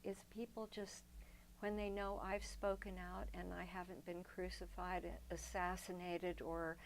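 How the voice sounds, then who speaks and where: A woman's voice: fairly low pitch, level tone, unhurried, a little hiss or hum, low-quality recording. An older woman, a guest in an interview, telling long personal stories in a reflective way, often restarting her sentences. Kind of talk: storytelling in a sit-down interview.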